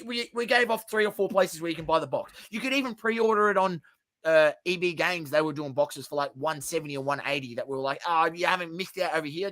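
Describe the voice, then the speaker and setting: A man's voice: fairly high pitch, a bit bright. A man co-hosting a casual podcast, explaining points with frequent stammered restarts. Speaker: podcast co-host. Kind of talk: casual chat.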